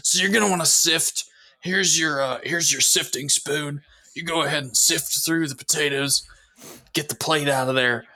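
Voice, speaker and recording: A performer playing a matter-of-fact diner cook with a gravelly, husky voice in an improvised comedy scene. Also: medium pitch, moderate pace, pushed and bright. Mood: dry.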